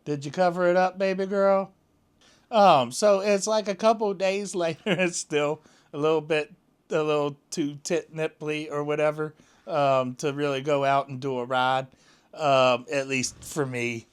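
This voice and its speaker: A man chatting casually to camera at home, rambling along with plenty of fillers and restarts. His voice sits fairly high and comes across smooth and clear. He takes his time, talking slowly. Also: steady tone. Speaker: vlogger.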